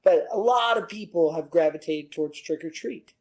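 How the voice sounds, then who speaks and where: A man with a noticeably high-pitched voice hosts a casual podcast chat. He sounds upbeat and steers the conversation by asking his co-host questions. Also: normal speed, low-quality recording. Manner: upbeat, leads the talk with questions.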